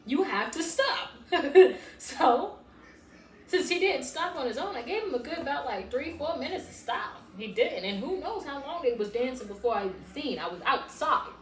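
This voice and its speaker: A woman, casually telling a storytime on her channel and loudly acting out her past self in bursts. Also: moderate pace, soft background music. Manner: animated, swings into loud high-pitched re-enactments of her past self. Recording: echoey room with faint background noise.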